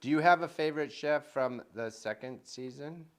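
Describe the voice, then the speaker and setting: A man's voice: fairly high pitch, moderate pace, clean tone. A man co-hosting a casual podcast, talking eagerly and going off on long tangents. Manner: enthusiastic, rambling, tangent-prone. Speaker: podcast co-host.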